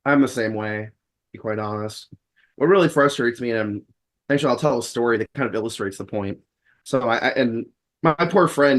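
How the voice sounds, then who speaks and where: A man who is a guest on a podcast, telling a story in a wry, rambling way and acting out the dialogue he quotes. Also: lowish voice. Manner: rambling with frequent restarts. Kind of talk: casual storytelling in conversation.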